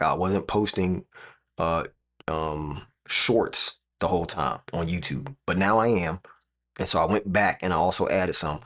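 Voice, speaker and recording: A man with a low-pitched, slightly bright voice streams live from a room full of his computers. He talks directly to chat in an emphatic way, repeating phrases.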